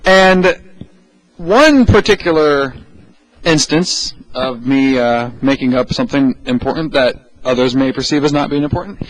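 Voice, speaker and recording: A man's voice: mid-range voice, low-quality recording. A man co-hosting a podcast, introducing his own segment in a wry, self-deprecating, rambling way. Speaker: podcast co-host presenting a segment. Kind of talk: casual podcast talk.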